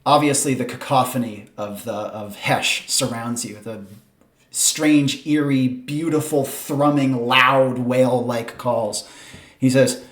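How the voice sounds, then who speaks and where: A man's voice: medium pitch, slow pace, a bit bright. A man running a tabletop game as game master, describing scenes with many fillers as he searches for words. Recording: roomy echo.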